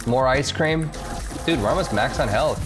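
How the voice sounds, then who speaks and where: A man's voice: mid-range voice, normal speed. A man streaming a game from home, casually chatting, joking and reading chat messages aloud. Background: game music.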